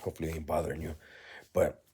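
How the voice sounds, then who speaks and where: A man's voice: extremely low pitch, little pitch movement, very fast, gravelly, darkish tone, slightly rough. A man candidly telling his own story in a blunt, reflective way, often checking in with "right?" and "you know.".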